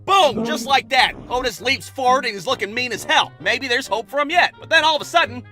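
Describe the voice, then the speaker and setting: Guy in his 30s narrating a comedy bit, super high bright voice, crude and sarcastic. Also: lively intonation, brisk, hardly any pauses, soft background music. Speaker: comedic storyteller.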